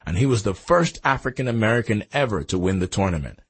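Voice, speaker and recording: Raspy, gravelly male audiobook narrator. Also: lowish voice, lively intonation, fast. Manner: dramatic storytelling with emphatic swells. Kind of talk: scripted narration.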